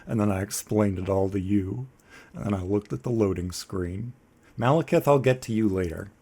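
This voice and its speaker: A man's voice: fairly low pitch, moderate pace, dark tone. A man giving casual, jokey let's play commentary, talking to the boss as he fights it. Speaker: gaming video creator. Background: game music.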